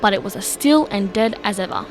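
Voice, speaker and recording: A woman's voice: mid-range voice, expressive, a little fast. A woman reading story lines aloud plainly in a group storytelling.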